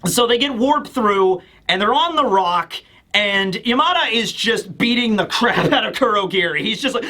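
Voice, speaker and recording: Male reviewer, high and bright, rambling casual recap. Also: lively intonation, moderate pace. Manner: rambling, fillers, slips into character voices. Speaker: manga reviewer. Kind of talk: casual commentary.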